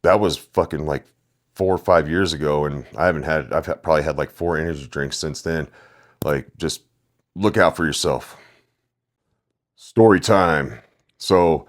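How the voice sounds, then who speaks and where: Man, young adult, very low pitch, podcast host, casual profane rambling monologue. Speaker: podcast host, delivery driver.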